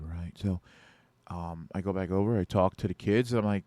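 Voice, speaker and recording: A man's voice: low-pitched, normal speed, warm tone, no room sound. A man who hosts a podcast and works as a security guard, telling a work story casually and acting out his own past lines with rising force.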